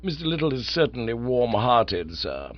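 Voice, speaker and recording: A man voicing a calm, deferential middle-aged valet with a grave, understated delivery, in a dull, dry recording. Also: medium pitch, moderate pace, close to an everyday voice.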